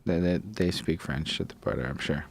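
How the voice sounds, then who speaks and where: A man's voice: low voice, moderate pace, vocal fry, slightly rough. A man from Montreal on a casual live stream, speaking in a cautious, matter-of-fact way. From Canada, Montreal. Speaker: stream co-host.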